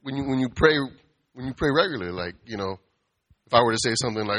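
A man's voice: medium pitch, expressive, quick pace, a bit bright. A man giving a casual, conversational sermon, playful and acting out quoted voices. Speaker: preacher.

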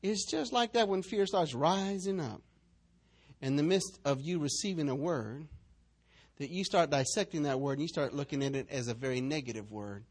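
Animated high-voiced preacher. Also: male voice. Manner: animated, joking, acts out quotes. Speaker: pastor. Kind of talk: sermon.

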